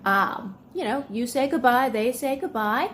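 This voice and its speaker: A woman's voice: fairly high pitch, animated, unhurried, slight background noise. A woman hosting a video, explaining in a casual, conversational way with many fillers and acting out example lines. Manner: conversational, filler-heavy, acts out example dialogue. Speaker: video host.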